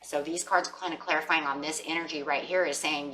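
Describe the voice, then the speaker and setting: A woman's voice: low-pitched, steady tone, fairly quick, few pauses, bright, forceful tone, slight background noise, low-quality recording. A woman giving a tarot reading, speaking straight to her viewers and voicing imagined lines from the people she describes. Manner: speaks directly to viewers, acts out imagined quotes. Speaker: tarot reader.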